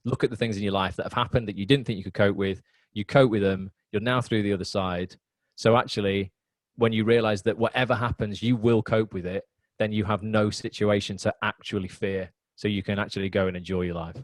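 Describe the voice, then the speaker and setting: A man with a lowish voice, chatting over a video call as an interview guest. He rambles earnestly and motivationally, and his voice sounds dry and close with no room echo. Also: steady tone, fairly quick. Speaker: acting mentor, guest. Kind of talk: casual video-call chat.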